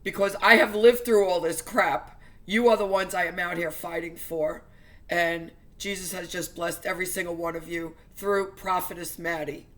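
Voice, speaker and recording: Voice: medium pitch, fairly even intonation, moderate pace, fairly bright tone. A religious vlogger giving an emotional personal testimony to viewers, speaking earnestly and fervently with stumbling restarts.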